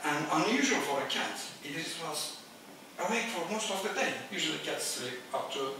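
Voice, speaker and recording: A man's voice: on the high side, lively intonation, moderate pace. A middle-aged man from Turkey with a Turkish accent, telling wry anecdotes with many hesitations in a live storytelling performance. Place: small theatre stage with live audience. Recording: echoey theatre, distant, noisy.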